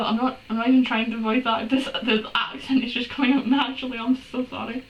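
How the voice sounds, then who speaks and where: Sarcastic woman, fairly high voice, reading and roasting a story in a roomy, off-mic recording. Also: a little fast, few pauses, highs cut off. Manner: exasperated, sarcastic, swears and laughs. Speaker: fanfiction reader. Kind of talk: comedic dramatic reading with commentary. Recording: roomy room, distant from mic, faint hiss.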